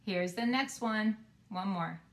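A woman preschool teacher leading a video lesson, speaking slowly and clearly to small children. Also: mid-range voice, slight background noise.

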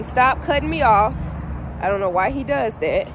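A woman vlogs outdoors at a park, filming herself on a handheld camera while she walks. Her speech is casual, slangy and worked up, in a higher register with big swoops of pitch. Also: normal speed, background noise. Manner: animated, ranting, slangy. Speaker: family vlogger. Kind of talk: casual vlog chat.

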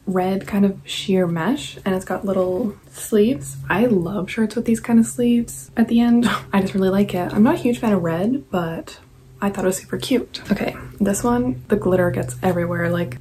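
A woman's voice: medium pitch, warm tone, a little hiss or hum, poor audio. A young woman vlogging at home, chatting casually to camera about clothes she bought, rambling with many "like"s and sometimes half whispering. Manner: chatty, rambling, lots of "like" and "I don't know"; partly whispering. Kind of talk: casual haul chat to camera. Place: at home, indoors.

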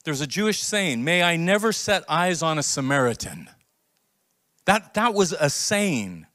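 A man pastor preaching a sermon, telling a story with acted-out quotes and building to emphatic, near-shouted points. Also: a little high, unhurried. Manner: animated storytelling, acts out quoted voices.

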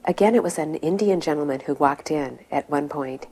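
A middle-aged devotee shares a personal reminiscence about her spiritual teacher, speaking at a moderate pace in a low, dark voice with a breathy edge. Her tone is reverent, and the story gathers intensity as it builds.

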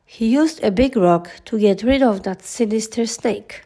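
A woman voicing an easygoing male bear in a storybook read-aloud, with a lifted, excited delivery. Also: on the high side, a little slow.

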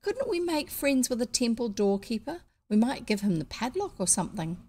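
A woman with a New Zealand accent reading a children's novel aloud, pausing to fix slips and add casual comments. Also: a little high, sing-song, a little mellow, husky. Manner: unpolished, stops to correct slips and comment. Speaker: audiobook reader.

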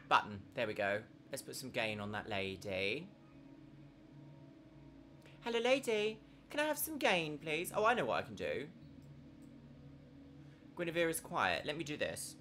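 A woman's voice: low-pitched, bright, forceful tone, slight background noise. A woman in her thirties streaming a horror game from home at a desk microphone, chatting casually and giggling, with big swoops in her voice. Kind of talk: casual live-stream commentary.

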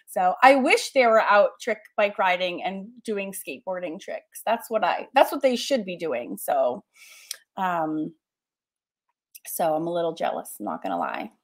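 A woman's voice: fairly low pitch, sing-song, a little slow. A woman in her forties from Massachusetts, an art teacher hosting a casual livestream, chatting, laughing often and reading out viewer comments.

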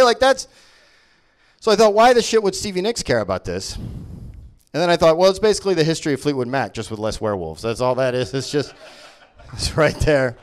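A man doing a stand-up comedy set, profane and mocking, with quick voices for the people he makes fun of. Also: fairly high pitch, clear, resonant tone. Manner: profane, animated, mocking impressions.

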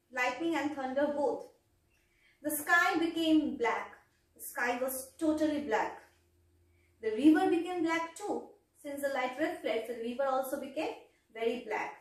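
A woman's voice: sits high, far from the mic. A woman English teacher reading a storybook to young children and retelling each sentence in simpler words. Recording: echoey room, voice from afar.

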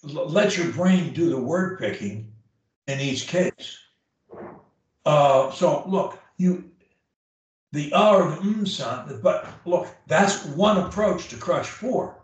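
A male speech coach talks slowly and bluntly, hammering his points home with repetition. His voice sits a bit high for a man. It sounds distant, caught in a very echoey room. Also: lively intonation. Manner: blunt, emphatic, repeats key phrases. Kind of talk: one-on-one coaching session. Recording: echoey room, far from the mic.

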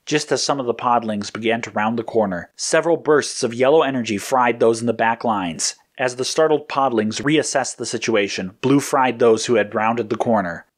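Male storyteller, mid pitch, steady even reading. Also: normal speed, hardly any pauses. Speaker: narrator. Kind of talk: storybook narration.

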